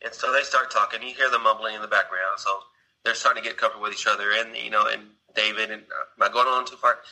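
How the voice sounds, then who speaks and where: A man's voice: fairly low pitch, fairly even intonation, fast talker, gravelly, bright, forceful tone, low-quality recording. A man casually retelling a film scene, rambling along with restarts and asides to his listener. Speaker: storyteller.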